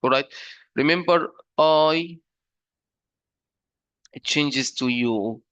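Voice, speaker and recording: A man's voice: fairly high pitch, drawn-out words, fairly bright tone, dry recording, highs cut off. A man teaching a beginner grammar lesson, explaining step by step with fillers and frequent checks like "right?". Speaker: English teacher.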